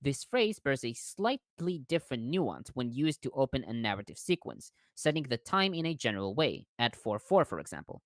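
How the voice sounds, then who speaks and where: A man reading out scholarly commentary on a text, careful and measured, stumbling now and then on long words. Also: mid-range voice, sing-song, no room sound, studio quality. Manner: careful reading with small restarts on hard words.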